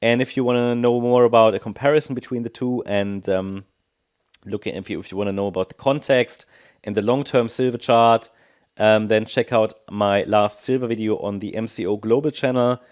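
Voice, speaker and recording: A man presenting a technical analysis of market charts, thinking aloud and often pausing with ums and restarts. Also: lowish voice, fairly even intonation, a little mellow, clear, resonant tone.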